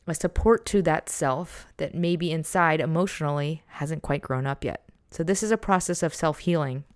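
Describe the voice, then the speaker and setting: A woman's voice: fairly low pitch, clean tone, dry recording, clean studio sound. A woman giving a casual self-help talk on journaling, reflective and conversational, often restarting her sentences. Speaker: journaling guide.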